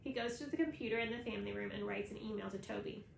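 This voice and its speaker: A woman's voice: medium pitch, fast, gravelly, echoey room, a little hiss or hum, low-quality recording. Woman reading a children's novel aloud. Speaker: reader.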